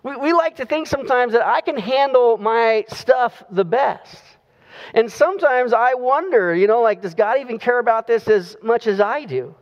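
Pastor preaching, chatty delivery with slowed emphasis, muffled sound, long hall echo. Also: mid-range voice, lively intonation. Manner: conversational, drawing out key phrases. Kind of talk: sermon.

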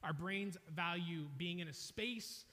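A young man preaching a sermon, telling a funny story loudly, with an animated, self-mocking manner. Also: high-pitched, slow. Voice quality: loud, energetic. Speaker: pastor. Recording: reverberant hall.

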